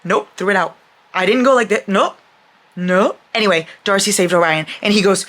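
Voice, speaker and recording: A young adult woman chatting casually in a reading vlog, excitable and gushing, laughing often and swearing freely. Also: medium pitch, moderate pace, slight background noise. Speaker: book vlogger.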